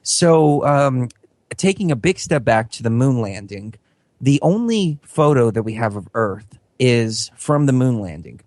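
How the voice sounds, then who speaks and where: A man's voice: medium pitch, animated, unhurried, a little mellow, no room sound. A man appearing as a guest on a radio talk show, explaining a theory in an earnest, rambling way. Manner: earnest, rambling, many fillers and restarts.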